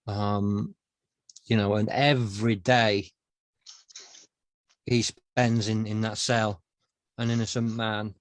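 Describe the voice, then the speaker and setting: A man's voice: fairly low pitch, level tone, slow pace, pauses often, dry recording. Hesitant man, dry close sound. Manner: hesitant, many fillers and restarts. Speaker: interviewer, author and poet. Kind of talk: casual conversational interview.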